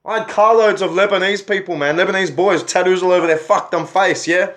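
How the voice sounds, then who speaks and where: A man's voice: high voice, fairly even intonation, brisk, fairly bright tone. An Australian man telling his own story in a vlog, agitated, swearing heavily and firing off rhetorical questions. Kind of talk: angry personal storytelling.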